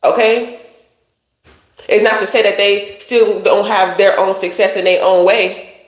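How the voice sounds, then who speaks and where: Tarot reader, casual livestream reading, blunt, profane slang, middle pitch, echoey room. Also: little pitch movement, a little slow. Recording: roomy echo.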